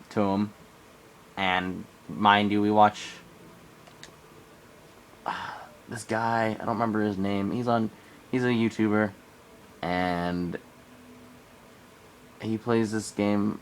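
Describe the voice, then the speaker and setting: A teenage man from Arizona with a cold, telling a rambling camping story in a casual vlog. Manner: rambling, animated in quoted bits. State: coming down with a cold. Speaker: vlogger. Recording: faint background ambience, low quality.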